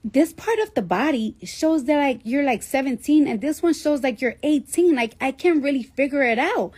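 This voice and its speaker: A woman putting on an excitable woman doctor with a chirpy, raised voice that pops up high and stays loud and bubbly as she talks. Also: moderate pace. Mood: surprised.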